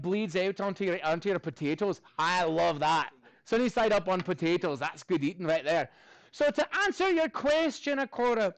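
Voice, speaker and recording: Upbeat high-voiced male math teacher. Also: dry recording. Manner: upbeat, jokey asides to students. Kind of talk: classroom teaching. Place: classroom.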